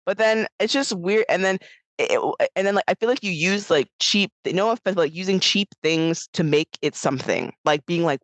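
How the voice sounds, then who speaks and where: A woman co-hosting a podcast, chatting casually about a film, animated and laughing often as she acts out lines. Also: fairly low pitch, normal speed, dry recording, rough recording. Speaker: podcast co-host. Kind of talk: casual film review chat.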